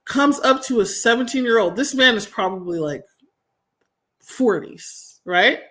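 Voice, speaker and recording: A woman's voice: on the high side, animated, unhurried, fairly bright tone. A woman in her forties hosting a livestream from home, telling a story in a blunt, emphatic, profane way. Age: 40s. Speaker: streamer host. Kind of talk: casual livestream talk.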